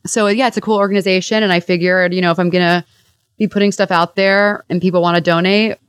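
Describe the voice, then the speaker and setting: A woman comedian and writer, a guest on a podcast, talking in a self-mocking, quick-witted way over a remote connection. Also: fairly low pitch, steady tone, clear, resonant tone, no room sound, studio quality. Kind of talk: casual interview chat. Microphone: remote call.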